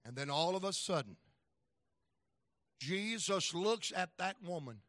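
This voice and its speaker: Man, evangelist sermon, bright forceful tone, dry close sound, folksy storytelling. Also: high voice, expressive, measured pace, no room sound. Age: middle-aged. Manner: folksy storytelling, acts out voices, swings loud and soft. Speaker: evangelist preacher.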